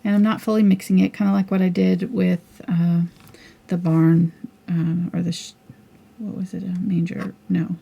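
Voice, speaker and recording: A woman's voice: lowish voice, little pitch movement, moderate pace, vocal fry, dark tone, breathy edge. A middle-aged woman teaching a live painting tutorial, chatting and thinking aloud as she works. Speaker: painting instructor.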